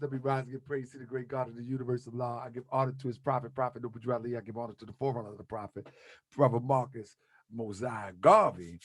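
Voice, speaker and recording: A man hosting a livestream, talking in a lively, chatty way and urging viewers to share it. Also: medium pitch, no echo. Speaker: livestream host. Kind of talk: casual livestream talk.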